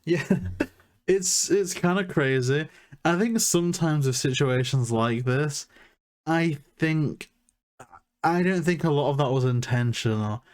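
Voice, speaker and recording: A man's voice: fairly high pitch, measured pace. A man co-hosting a podcast, chatting casually and joking about his family while reviewing a cartoon episode. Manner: chatty, self-deprecating humour. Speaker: podcast co-host.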